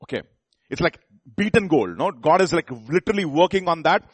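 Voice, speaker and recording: A man's voice: fairly high pitch, animated, fairly quick, husky, no room sound. A man preaching a sermon in a conversational way, often asking the congregation questions and restarting his sentences.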